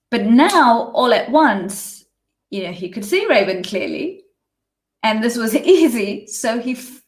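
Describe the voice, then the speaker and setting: Woman storyteller, higher voice, slow and measured, echoey room. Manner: measured, with restarts and asides. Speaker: spiritual teacher. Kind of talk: storytelling in a live session. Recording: roomy echo.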